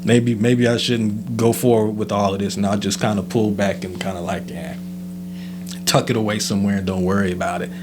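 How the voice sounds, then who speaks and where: A man's voice: on the low side, steady tone, brisk, music in the background. Laid-back man chatting on a podcast. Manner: laid-back, rambling, many fillers. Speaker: podcast co-host. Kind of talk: casual chat.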